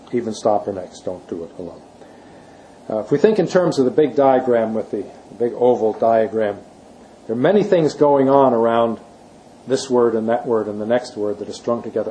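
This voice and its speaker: Mellow-voiced man lecturing on language. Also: medium pitch, slight background noise, poor audio. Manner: explanatory, stresses key words, rhetorical questions. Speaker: Bible teacher. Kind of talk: classroom lecture.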